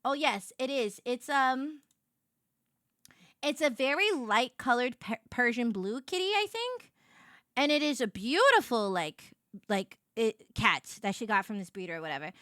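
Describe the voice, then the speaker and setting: A woman streamer chatting casually to her viewers, bubbly and excitable, rambling with lots of "like"s and squealing over cute things. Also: on the high side, unhurried, no room sound, clean studio sound. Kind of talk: casual live-stream chat.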